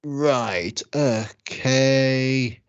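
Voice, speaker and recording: A man co-hosting a podcast who mostly chimes in with short agreeing replies and thinks out loud during a quiz. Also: medium pitch, extremely slow, clean tone. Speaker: podcast co-host. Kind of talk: casual chat. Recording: dull lo-fi sound.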